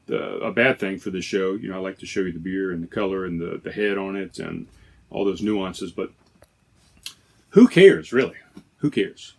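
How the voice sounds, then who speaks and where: A man with a lowish voice hosts a laid-back podcast from inside a trailer. He talks in a loose, chatty way, often stopping to correct himself mid-sentence. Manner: rambling, self-correcting, chatty. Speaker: podcast host. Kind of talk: casual beer-tasting chat.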